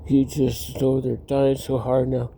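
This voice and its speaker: A man's voice: mid-range voice, completely flat delivery, unhurried, creaky, warm tone, a little hiss or hum. A man outdoors telling rambling personal stories, often cutting himself off and laughing at his own tales. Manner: meandering, self-interrupting, laughs at own stories. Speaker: vlogger.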